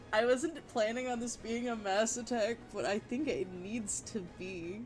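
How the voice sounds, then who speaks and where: A woman chatting casually on a livestream while she draws, gushing and giggling, with bursts of excitement and casual swearing. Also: fairly high pitch, slow pace, faint music behind. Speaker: art streamer.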